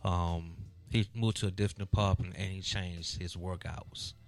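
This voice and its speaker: Deep-voiced man co-host, casual and questioning, faint music behind. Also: fairly even intonation, moderate pace, a little mellow. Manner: questioning, playful, pushes back. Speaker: radio co-host. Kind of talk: casual radio chat.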